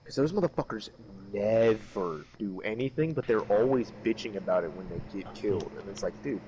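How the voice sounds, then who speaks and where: A man's voice: on the low side, expressive, a little fast, warm tone, slight background noise, rough recording. Ranting profane gamer man. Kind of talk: casual chat.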